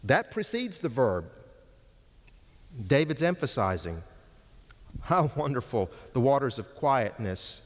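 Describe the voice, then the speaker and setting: A man's voice: mid-range voice, big pitch swings, takes it slowly, long pauses, long reverb tail. A man preaching an expository sermon, teaching with emphatic stress on key words.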